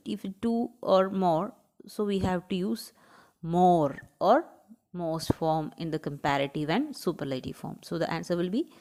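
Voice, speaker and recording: A woman teaching grammar to young students has a medium-pitched, slightly mellow voice. She goes step by step, spells letters aloud, breaks words into syllables, and frequently asks "right?" to check understanding.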